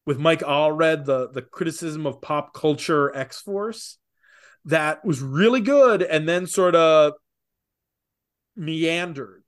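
A man co-hosting a casual podcast, talking opinionatedly with rapid asides. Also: fairly high pitch. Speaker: podcast co-host. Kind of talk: casual comics podcast chat.

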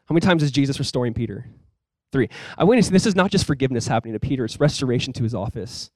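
A male pastor preaching a sermon in a conversational, earnest way, with casual fillers. He often drops quiet and low on key points. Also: lively intonation, very fast, no echo, rough recording.

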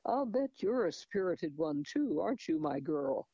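A man reading as a gruff, brutal frontier man. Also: a little high, very animated, measured pace, dark tone, dry recording, lo-fi sound, heavily acted. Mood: menacing. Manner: gruff, menacing.

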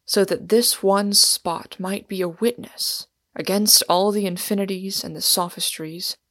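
A woman's voice: fairly low pitch, level tone, measured pace, no echo, clean studio sound. A woman reading as a grave, weary pilgrim man. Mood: vehement. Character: solemn weary male pilgrim, grown man. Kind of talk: audiobook character reading.

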